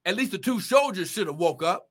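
A man's voice: high-pitched, lively intonation, a little fast, a bit bright. A man preaching a livestreamed sermon with fervent exclamations and repeated phrases.

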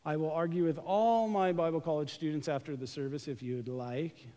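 A man preaching a lively, joking sermon, speaking straight to his congregation during a live church service. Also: a little high, moderate pace. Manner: joking, animated, talks to the congregation directly. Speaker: pastor. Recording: live church recording with long hall reverb.

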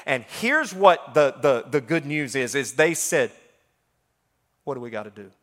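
A man, talking through scripture in an emphatic, folksy, excitable way. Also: a little high, normal speed. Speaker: preacher. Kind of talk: animated scripture talk.

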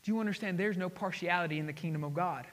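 Excitable guy preaching, high bright voice, lots of hall echo, goes loud then hushed. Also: very fast. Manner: excitable, swings between loud exclamations and hushed asides. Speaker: pastor. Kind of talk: sermon. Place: church sanctuary. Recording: hall reverb.

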